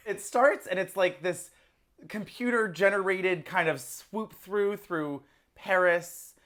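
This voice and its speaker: A man co-hosting a casual movie review podcast, enthusiastic and quick to laugh. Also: high voice, fairly bright tone. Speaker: podcast co-host.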